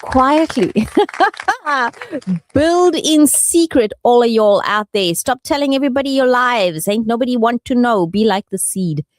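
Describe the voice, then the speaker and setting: A woman's voice: fairly high pitch, lively intonation, a little slow, no echo. A woman hosting a radio show in the studio, playful and affectionate in casual chat. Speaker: radio host.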